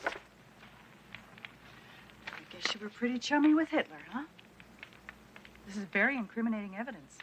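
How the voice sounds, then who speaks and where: A woman playing a sharp level-headed detective. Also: a little high, lively intonation, moderate pace, long pauses, slight background noise, close to an everyday voice, rough recording. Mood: firm. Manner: firm, reasoning. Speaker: police detective.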